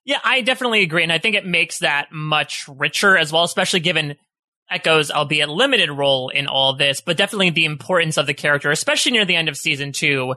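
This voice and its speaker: A man with a fairly high, very bright voice lays out analytical points on a casual podcast. The sound is close and dry, with no room around it. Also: fast, no room sound. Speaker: podcast co-host.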